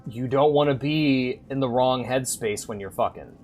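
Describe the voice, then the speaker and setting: A man's voice: medium pitch, moderate pace, a little mellow. A man chatting casually and crudely with viewers while live-streaming a game. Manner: crude, joking, chats with viewers.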